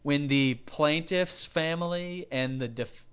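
A man's voice: fairly high pitch, slow, fairly bright tone, smooth, dull audio. A man co-hosting a podcast, casually reading out a news article and breaking off for joking asides. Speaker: podcast co-host. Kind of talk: casual chat, retelling a news story.

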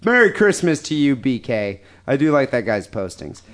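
A man's voice: mid-range voice, very animated, normal speed, fairly bright tone. A man hosting a podcast, reading listener emails aloud with crude, profane, joking banter. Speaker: podcast host.

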